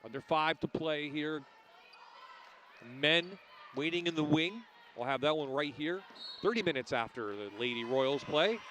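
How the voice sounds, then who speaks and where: Male announcer, play-by-play basketball calls, bright forward tone, clipped phrasing, faint background noise. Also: on the high side, unhurried. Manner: crisp, clipped game calls with light banter.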